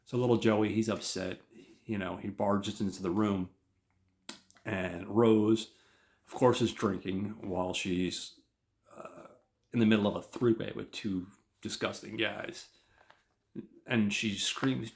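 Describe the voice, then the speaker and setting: A man hosting a podcast, recapping a show in a loose, rambling way. His voice sits very low, and he keeps leaning on fillers as he retells the story in his own words. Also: fairly even intonation, slow, pauses often. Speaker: podcast host. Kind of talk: casual episode recap.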